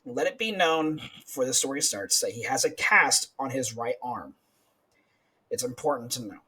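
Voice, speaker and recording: A man's voice: medium pitch, expressive, normal speed, bright, forceful tone, husky, poor audio. A young man telling a crude, profane work story on a podcast while laughing through it. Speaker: podcast co-host, corrections officer. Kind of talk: casual storytelling chat.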